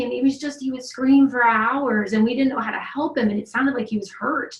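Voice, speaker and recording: A woman's voice: a little high, a little fast. A middle-aged woman recounting a family story in casual conversation, rambling with many restarts. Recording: roomy echo.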